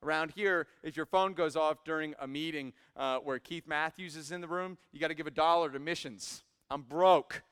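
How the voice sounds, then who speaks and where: A young man in his twenties preaching a sermon in a church, swinging from quiet asides to loud emphatic peaks. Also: a little high, moderate pace, few pauses, clean tone. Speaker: pastor. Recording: hall reverb.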